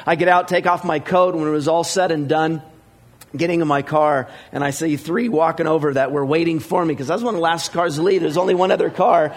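A middle-aged male pastor preaches in a loose, chatty way, full of "uh"s and restarts. His voice sits a bit higher than most men's, and he gets lively when he acts out conversations. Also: brisk. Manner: conversational, many fillers, animated when retelling dialogue. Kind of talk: sermon with storytelling.

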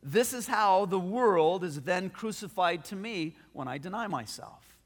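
A man pastor preaching a sermon, telling a story with animated delivery and frequent restarts. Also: high voice, measured pace, long reverb tail.

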